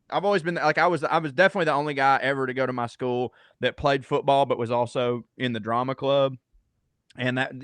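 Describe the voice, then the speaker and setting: A man's voice: mid-range voice, a bit bright, clean tone, no echo. A man in his thirties from Georgia, a comedian guest talking casually, rambling and profane with many restarts. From Georgia, USA. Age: 30s. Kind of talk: casual podcast conversation.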